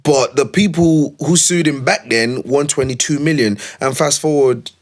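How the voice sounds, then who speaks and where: A man's voice: a little high, moderate pace. A man co-hosting a casual podcast, insistent and teasing, often talking over his partner. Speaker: podcast co-host. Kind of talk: casual chat.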